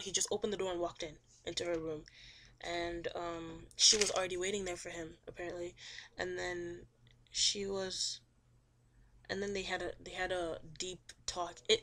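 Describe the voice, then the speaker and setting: A woman student casually retelling a story in her own words, chatty, with lots of "like" and "um", her voice often trailing off quietly. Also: on the low side. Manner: chatty, says "he was like" and "um" often. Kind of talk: casual book summary.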